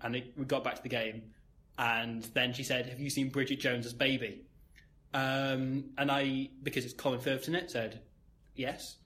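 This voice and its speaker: A man's voice: mid-range voice, level tone, moderate pace, sharp tone. A young man telling a long anecdote in casual chat, wry and self-mocking, with many fillers. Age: young adult. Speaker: podcast co-host telling a story.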